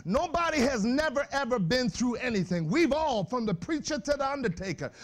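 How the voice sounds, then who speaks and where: High-pitched animated preacher man. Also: fairly quick. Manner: animated, shouting bursts, laughing asides, slangy. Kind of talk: lively sermon to youth. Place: church.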